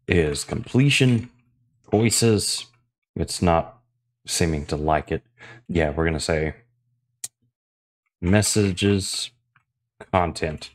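A young man hosting a casual coding tutorial, chatty and enthusiastic, thinking aloud as he types. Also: low-pitched.

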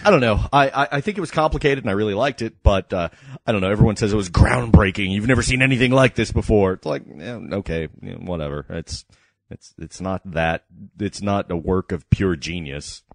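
A man's voice: fairly low pitch, brisk, dry recording. A man co-hosting a podcast, hesitant and trailing off with a shrugging manner. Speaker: podcast co-host. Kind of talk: casual podcast chat.

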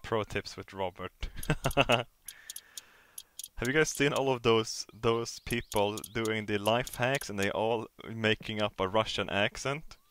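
A man streaming a game live, chatting casually and excitably to his viewers at a desk mic, with whoops and swearing. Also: fairly low pitch, slow, slight background noise.

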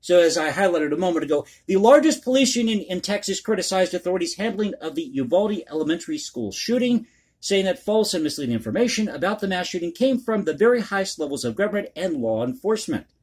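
A man talks straight to his viewers in an unscripted commentary vlog, rambling and opinionated, with a folksy habit of calling them folks. His voice sits fairly high and swings widely in pitch, with a husky edge to it. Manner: conspiratorial, opinionated. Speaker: political commentary YouTuber. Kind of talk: one-take commentary vlog.

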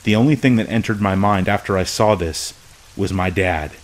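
A man narrating a true scary story from a script, in a slow, hushed, measured way. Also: deep voice, poor audio.

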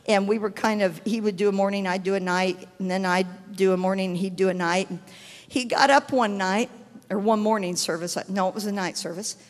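A middle-aged woman evangelist telling a testimony in a sermon, acting out the dialogue and swinging from hushed tones to shouting. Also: medium pitch, fairly even intonation, fairly quick. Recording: long hall reverb.

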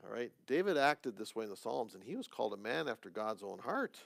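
A man teaching a conversational sermon as pastor in a church, with joking asides and quick restarts. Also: lowish voice, sing-song, creaky, a bit bright, no room sound.

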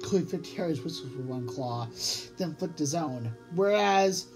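A woman's voice: a bass voice, normal speed, rough recording. A woman narrating a children's audiobook expressively, drawing out key words for emphasis. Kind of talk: storybook read-aloud narration. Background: music.

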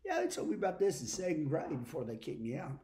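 Southern man, mellow voice, folksy rambling preacher bit, slips into quoted voices. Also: a little high, sing-song, fast talker. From Texas. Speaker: comic preacher character. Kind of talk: rambling comic monologue.

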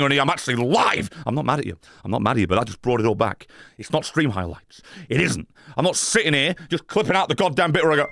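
A British man hosting a live gameplay stream, ranting at chat with swearing and sudden shouted outbursts. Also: mid-range voice, gravelly, no echo, studio quality. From Britain. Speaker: streamer host.

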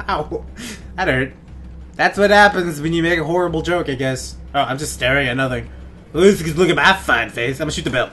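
A young man giving crude, goofy gameplay commentary on a headset in his bedroom, often laughing and yelling out suddenly. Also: on the high side, normal speed, faint music behind. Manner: goofy, giggly, crude jokes, sudden loud outbursts. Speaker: gaming let's play host.

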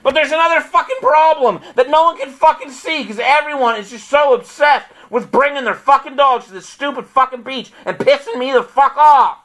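A man's voice: very high-pitched, moderate pace, few pauses, fairly bright tone, low-quality recording. A man ranting at length in a profane, rambling, repetitive vlog, with bursts of frustrated laughter. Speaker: vlogger. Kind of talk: angry ranting monologue.

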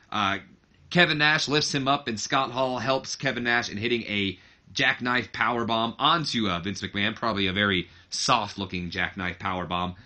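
Casual male let's-play narrator; bright tone, rambling, self-correcting. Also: mid-range voice. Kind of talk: casual game commentary.

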